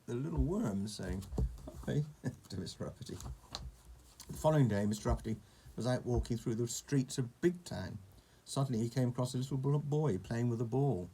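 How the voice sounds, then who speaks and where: Gravelly man reading to a child. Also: medium pitch, slight background noise. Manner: warm, chatty asides to a child.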